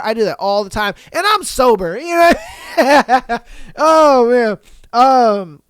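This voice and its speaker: A man hosting a podcast, reading listener posts aloud in a casual, animated way, swearing and acting out his own reactions. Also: sits high, moderate pace, smooth, no echo, clean studio sound. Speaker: podcast host.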